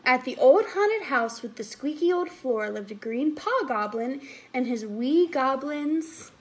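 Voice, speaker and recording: A preschool teacher reading a picture book aloud to young children, animated and coaxing them to count along. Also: female voice, high voice, measured pace, a little hiss or hum.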